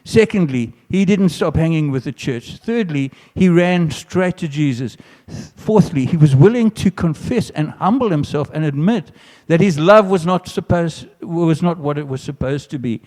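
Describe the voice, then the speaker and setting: A man preaching with a mellow, warm tone and an earnest delivery. He often restarts his phrases and rises for emphatic lines. His voice carries a long hall reverb. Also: on the high side, expressive, normal speed, few pauses. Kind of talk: sermon.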